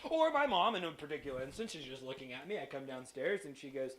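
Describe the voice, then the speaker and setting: Animated man preaching to kids, bright voice. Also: fairly high pitch, quick pace. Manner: animated storyteller, acts out voices. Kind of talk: lively sermon to children.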